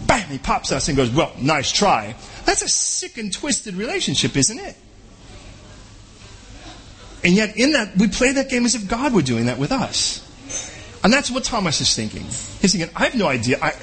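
Male pastor, high lively voice, conversational sermon with rhetorical questions.

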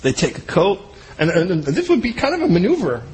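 Guy preaching, super lively swoopy voice, jokey asides, keeps restarting sentences. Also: high voice, a little fast, rough recording. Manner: animated, conversational, joking asides; restarts and trails off mid-sentence. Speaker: pastor. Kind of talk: sermon.

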